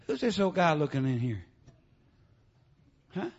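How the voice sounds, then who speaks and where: A middle-aged man preaching a revival sermon in church, dropping "uh, amen" between his phrases in a shouting preaching cadence. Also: a little high, very animated, measured pace, highs cut off.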